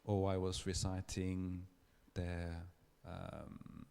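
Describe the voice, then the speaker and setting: A man giving a public lecture, telling a story in a thoughtful, measured way with small restarts. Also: deep voice, monotone, creaky, mellow, clean tone. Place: lecture hall.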